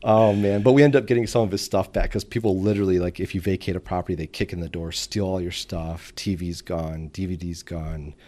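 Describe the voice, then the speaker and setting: A man's voice: sits low, brisk, few pauses. A man from the Detroit suburbs of Michigan, around forty, telling business stories as a guest in a casual interview, acting out the people he quotes. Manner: animated storyteller who acts out quoted voices. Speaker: guest entrepreneur.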